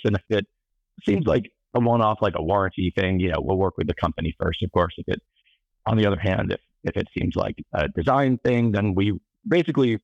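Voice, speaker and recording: Deep-voiced man, dry jokes, dull mic. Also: no room sound. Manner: dry joking, rambling with restarts. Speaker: podcast guest, gun reviews editor. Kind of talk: casual podcast interview.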